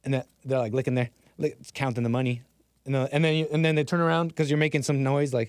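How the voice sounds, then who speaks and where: A man's voice: mid-range voice, fast talker, a little mellow, no room sound, clean studio sound. A man hosting a casual commentary stream, rambling with frequent restarts and laughing at his own asides. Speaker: host.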